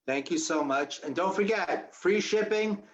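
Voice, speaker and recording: A man's voice: high voice, measured pace, dull audio. A man in his sixties speaking as a guest on a video call, telling a story with humor and acting out the voices of the people in it. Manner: animated storyteller who acts out quoted voices with humor. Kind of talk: storytelling talk with Q&A.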